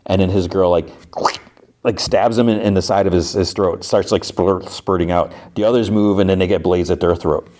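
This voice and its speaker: A man's voice: sits low, fairly even intonation, normal speed, a little mellow. A man hosting a podcast, casually recapping a TV episode in a rambling way with plenty of fillers. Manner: rambling, lots of "like". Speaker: podcast host.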